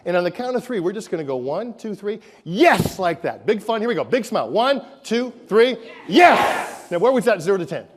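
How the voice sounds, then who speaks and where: A man giving a high-energy keynote speech to a live audience, punchy and repetitive, often firing questions at the crowd. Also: very animated, quick pace, few pauses, slight background noise. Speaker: motivational speaker. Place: large conference room with an audience. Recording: reverberant conference hall.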